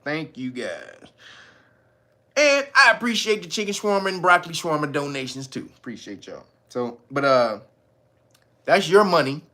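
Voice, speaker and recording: A male host talks through a casual commentary stream with animated, profane energy. He laughs often, and his voice has a bright, forward edge. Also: on the high side, normal speed.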